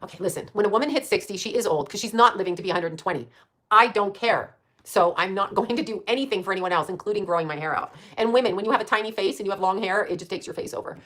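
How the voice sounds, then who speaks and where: A woman's voice: medium pitch, rapid-fire, fairly bright tone. A woman around sixty chatting casually on a livestream, rambling and blunt, swearing freely and laughing often as she answers her chat.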